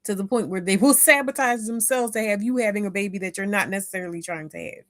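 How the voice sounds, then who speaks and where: A woman hosting a talk podcast, commenting emphatically with loud stresses. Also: medium pitch, fast talker. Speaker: podcast host.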